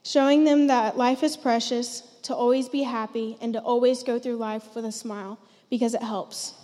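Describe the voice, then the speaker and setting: A woman's voice: a little high, steady tone, normal speed, dark tone. A teenage girl on a church stage sharing a personal testimony, heartfelt and emotional. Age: teens. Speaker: student giving testimony. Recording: long church hall reverb.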